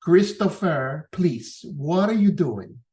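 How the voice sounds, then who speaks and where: A man's voice: fairly high pitch, expressive, slow pace, mellow, pitched above the performer's own voice. A man voicing an older, proud and stubborn Sicilian immigrant bricklayer who speaks broken English with a Sicilian accent and a lisp. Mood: indignant. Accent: Sicilian Italian.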